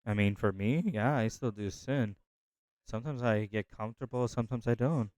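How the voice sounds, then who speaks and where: A man's voice: fairly low pitch, normal speed, darkish tone, dry recording. A man hosting a Bible reading channel, reflecting in a casual, rambling way with frequent restarts and filler words.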